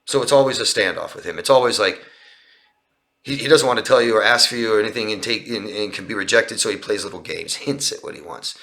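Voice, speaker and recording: Speaking quickly in a gravelly, lowish voice with a fairly bright tone, a man coaches on relationships. He responds to viewer questions in a live session outdoors by a street. His manner is earnest and explanatory, with repeated and restarted phrases.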